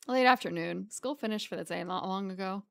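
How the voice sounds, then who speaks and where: A woman voicing a polite, soft-spoken young woman student in a visual novel. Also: medium pitch, brisk, vocal fry. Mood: calm.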